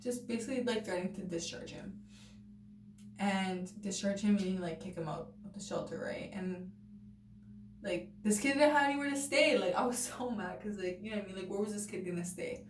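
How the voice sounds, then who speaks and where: A young woman tells a personal story in a loose, chatty vlog style, padding her sentences with "like" and "you know" and slipping into the voices of the people she quotes. Her voice sits at an ordinary pitch for a woman. The recording sounds roomy and a little distant from the mic, with a faint noise underneath. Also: fairly quick. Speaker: vlogger. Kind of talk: casual storytelling to camera.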